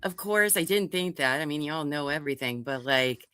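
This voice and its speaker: A woman hosting a stream, chatting casually, expressive and freely profane. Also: low-pitched, moderate pace, clear, resonant tone, dry recording, studio quality. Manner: expressive, profane, laughing often. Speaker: stream host. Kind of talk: casual chat.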